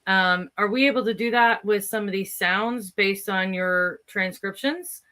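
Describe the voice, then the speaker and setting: Woman co-host, bright clear tone, curious, hesitant questions, lots of ums. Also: mid-range voice. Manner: curious, halting questions with fillers. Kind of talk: interview questions.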